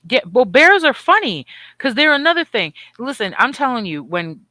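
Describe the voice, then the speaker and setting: Middle-aged woman co-host, bright voice, dry sound, lively and profane. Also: sits high, normal speed, no room sound. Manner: animated, profane storytelling with voiced asides. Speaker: podcast co-host. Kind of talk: casual chat.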